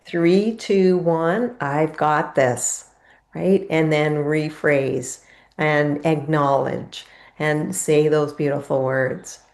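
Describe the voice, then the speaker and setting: A woman guest tells her personal story in an earnest, heartfelt way. Her voice sits a bit low, and she talks very slowly and deliberately. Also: steady tone, a little mellow. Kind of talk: personal testimony in a live Q&A.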